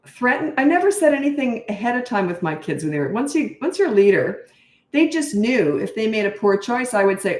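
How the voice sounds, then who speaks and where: A woman's voice: a little high, sing-song, brisk, darkish tone. A middle-aged woman parenting coach giving blunt, emphatic advice in a live question-and-answer talk, acting out what she says to children, sounding tired. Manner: blunt, emphatic, acts out her own replies to kids. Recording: echoey room.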